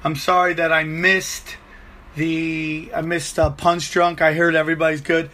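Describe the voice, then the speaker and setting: A man's voice: a little high, a little slow. A man hosting a show, telling crude, rambling comic stories with lots of swearing. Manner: profane, rambling, animated storyteller. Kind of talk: comedic rambling monologue.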